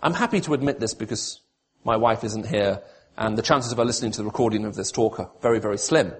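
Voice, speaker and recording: A man's voice: on the low side, fast, breathy edge. A man preaching a sermon, pleading with emotion when voicing God's appeals and turning to dry, self-mocking humour.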